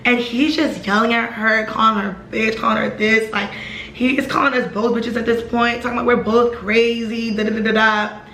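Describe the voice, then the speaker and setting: A young woman rattles through a personal story in a fast, chatty storytime style, packed with fillers and asides. Her voice is bright and sits a little high. The room gives it a roomy echo. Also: a little hiss or hum. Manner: fast, animated, lots of fillers. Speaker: vlogger telling a personal story. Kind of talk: casual storytime.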